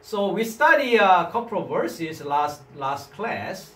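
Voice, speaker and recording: A man's voice: high-pitched, very animated, slow pace, bright, forceful tone. Korean-accented man teaching Greek, echoey room. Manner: non-native English, repeats "right?" as a check, models sounds for students to echo. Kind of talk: classroom lecture. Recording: echoey room, mic at a distance, faint background noise.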